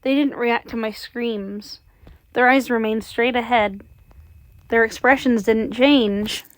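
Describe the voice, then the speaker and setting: A woman's voice: fairly high pitch, fairly even intonation, slow, dry recording. A woman reading a horror story aloud with dramatic, suspenseful narration. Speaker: audiobook reader.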